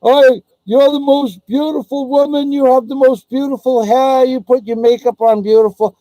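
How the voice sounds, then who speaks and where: Guy mocking a fawning young man, high and sugary, all gush. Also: fairly even intonation, normal speed, mellow, no room sound, rough recording. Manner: gushing, sugary.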